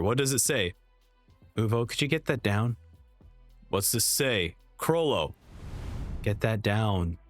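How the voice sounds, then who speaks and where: A man's voice: mid-range voice, fairly bright tone, dry recording. Young man, dry close commentary voice. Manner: reads subtitles aloud and narrates the scene, with self-corrections. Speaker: reaction streamer. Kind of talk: anime reaction commentary.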